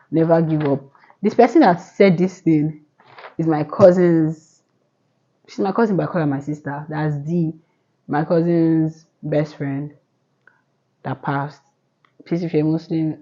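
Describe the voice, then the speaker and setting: A woman's voice: deep voice, steady tone, normal speed, mellow, muffled recording. A young woman in her twenties giving earnest motivational advice to camera, rambling with restarts. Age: 20s. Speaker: vlogger. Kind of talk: casual motivational talk to camera.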